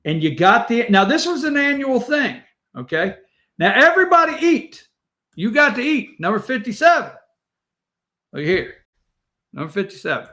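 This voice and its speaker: Bright, lively high-voiced man. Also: moderate pace, pauses often. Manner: rambling, chatty, talks straight to viewers. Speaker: morning show host. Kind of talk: casual storytelling over family photos.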